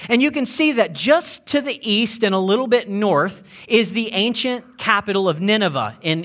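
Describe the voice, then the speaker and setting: A man preaching a sermon in a lively, joking way, acting out the voices of the people he quotes. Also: high-pitched. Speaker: pastor.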